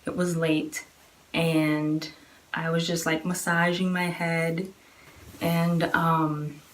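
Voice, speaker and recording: A woman's voice: low-pitched, little pitch movement, slow pace, a little hiss or hum. A woman in her twenties casually telling a personal story, chatty and full of fillers, acting out what others said. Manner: chatty, many fillers, acts out quoted voices.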